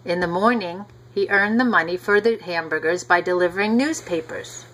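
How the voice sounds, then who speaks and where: A woman reading a picture book aloud to a child, gently talking to the listener as she goes. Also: on the low side, normal speed, low-quality recording. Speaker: reader.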